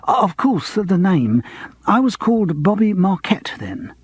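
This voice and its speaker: A fussy, stammering pianist in an auburn wig, as a male narrator puts him on, pitched high above a plain speaking voice and swooping eagerly through each overly familiar line. He fumbles his words in an audiobook reading. The recording is close and dry. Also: big pitch swings, unhurried, husky, no echo, exaggerated voice.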